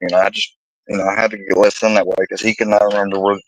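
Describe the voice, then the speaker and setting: A man's voice: fairly low pitch, level tone, very fast, a little hiss or hum, low-quality recording. A young man ranting about a personal dispute, profane and rambling, exasperated. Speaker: vlogger telling a personal story. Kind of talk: heated personal rant.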